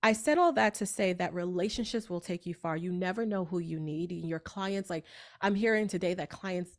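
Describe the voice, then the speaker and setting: A woman in her thirties from New York with a New York accent, a beauty industry coach telling lively stories in a podcast interview. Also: fairly low pitch, normal speed. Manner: animated storyteller, acts out voices.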